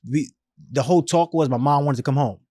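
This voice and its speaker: Brief: man, 30s, podcast guest, lively slangy storyteller, slightly high voice, dry close sound. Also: brisk, no echo. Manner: animated, emphatic, slangy, acts out quoted voices. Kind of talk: storytelling in a casual interview.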